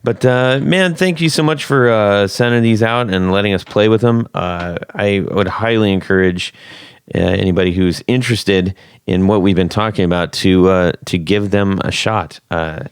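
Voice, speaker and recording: Deep, smooth-voiced male podcast host. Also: moderate pace, dry recording. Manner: laid-back, rambling with restarts and laughs. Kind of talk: casual chat.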